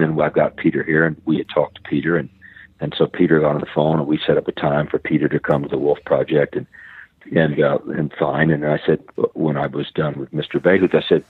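A very low-voiced middle-aged man with a husky, breathy tone tells conversational stories as an interview guest, acting out the voices in them. His voice comes over a tinny, phone-like line with a dry, close sound. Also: fairly quick, dry recording. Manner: animated anecdotes, acts out quoted dialogue, frequent restarts. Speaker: guest, wildlife conservationist. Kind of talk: conversational storytelling.

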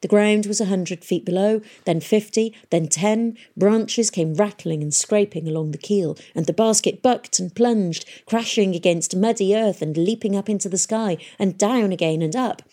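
A woman narrating an audiobook in a steady storytelling manner. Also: mid-range voice, moderate pace, few pauses.

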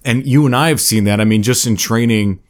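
A man's voice: mid-range voice, brisk. A man in casual conversation, rambling and self-deprecating, often restarting his sentences. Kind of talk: casual chat.

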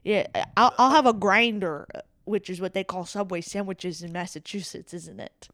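A woman guest comedian on a casual podcast, trading sarcastic deadpan jokes. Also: mid-range voice, normal speed, dry recording.

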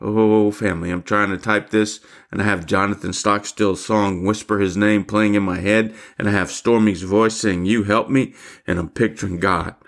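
An older man delivers a devotional sermon with fervent conviction. His voice sits somewhat low, and he calls his listeners family as a pastor would. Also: steady tone, normal speed, creaky, hardly any pauses, a bit bright.

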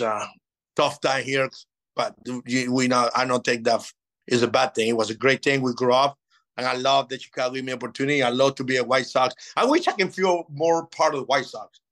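A man in his fifties, a native Spanish speaker, telling lively stories in a casual interview and acting out old conversations. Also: medium pitch, low-quality recording. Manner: animated, acts out past dialogue. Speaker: interview guest.

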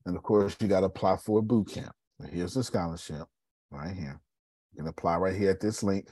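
Husky low-voiced man, blunt coaching talk. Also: fairly quick, dark tone, dry recording. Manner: blunt, repetitive, swears freely; addresses listeners by name. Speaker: host of a coaching meeting. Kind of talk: casual motivational talk.

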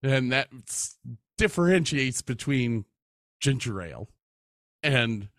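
Speaking slowly at medium pitch with an expressive delivery, a podcast host shares anecdotes in a casual chat, laughing often, swearing without restraint, and acting out the voices of the people involved. It's a dry, studio-quality recording on a studio mic.

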